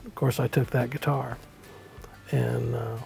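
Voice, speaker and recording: A middle-aged man, a musician guest, telling a rambling story in a relaxed way, with many fillers and acted-out quotes. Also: mid-range voice, measured pace, vocal fry, slightly rough, soft background music. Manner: acts out quoted lines in the story. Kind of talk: casual anecdotal storytelling.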